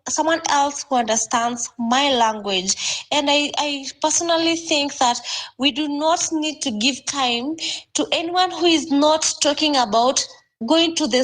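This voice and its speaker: A woman's voice: high-pitched, fairly bright tone, poor audio. A young woman with a Kenyan accent speaking with emotion and urgency in a live audio chat room, often repeating words as she searches for them.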